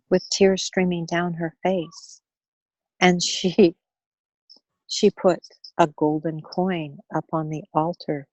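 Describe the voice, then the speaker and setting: A woman speaker on money wellness, telling a story in an earnest, gentle way and often repeating words as she goes. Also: fairly low pitch, no echo, rough recording. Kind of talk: storytelling in a talk.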